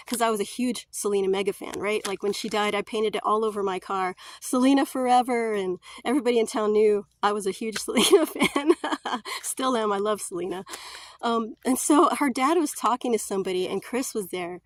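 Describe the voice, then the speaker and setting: A woman's voice: mid-range voice, fairly quick, dry recording. A chatty woman, telling stories in a casual vlog and laughing often. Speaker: vlogger.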